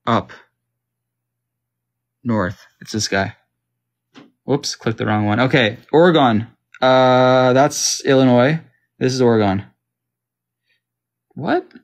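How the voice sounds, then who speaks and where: Slow-talking Canadian guy playing a map game. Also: mid-range voice. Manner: confused, self-talking, joking. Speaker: gamer. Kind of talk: casual gaming commentary.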